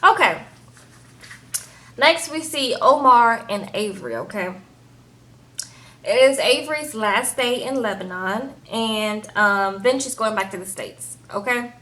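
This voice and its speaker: A woman with a fairly high voice chats about a reality show, loose and animated. She keeps tagging her points with "okay?" and "baby", close to the mic. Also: measured pace. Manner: animated, chatty, says "okay?" and "baby" often. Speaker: TV show reviewer. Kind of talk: casual chat.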